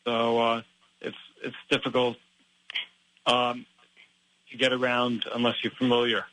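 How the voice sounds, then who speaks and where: A man hosting an interview who asks questions hesitantly, with many pauses and fillers. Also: mid-range voice, completely flat delivery, noisy background. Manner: hesitant, full of ums and uhs. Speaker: interviewer and host.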